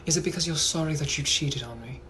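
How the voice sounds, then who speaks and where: A man whispers as a sinister, charming 1800s English gentleman, speaking in a British accent with a purring, teasing manner. His voice is a little high and quick, with slight background noise.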